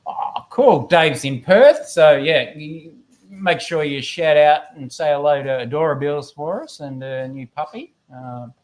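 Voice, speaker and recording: A man's voice: on the high side, measured pace. Rambling man reading chat. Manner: rambling, self-deprecating, reads chat aloud. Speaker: guest co-host of a live stream. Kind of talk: casual live-stream chat. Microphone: computer microphone.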